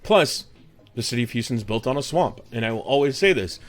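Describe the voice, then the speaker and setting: Man, Texan accent, live-stream host, rambling and jokey, mid-pitched voice, faint music behind. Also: animated, fairly quick. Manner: rambling, chatty, jokey, talks to chat by name. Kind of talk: casual chat with viewers. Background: background music.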